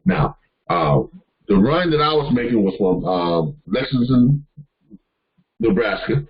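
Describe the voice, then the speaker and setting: A man's voice: mid-range voice, big pitch swings, measured pace, husky, highs cut off. A man hosting a live question-and-answer call, giving casual advice in a rambling way with many fillers and restarts. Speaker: host answering caller questions.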